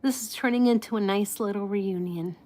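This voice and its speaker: A woman's voice: mid-range voice, brisk, warm tone. A woman with an American accent hosting a casual live chat, talking loosely and switching between English and Spanish. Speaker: live stream host.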